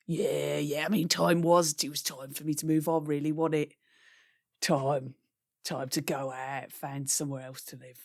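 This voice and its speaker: A woman's voice: deep voice, level tone, normal speed, vocal fry. A woman playing a boastful, rambling raven lad in a put-on Cockney accent who keeps saying "innit". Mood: evasive.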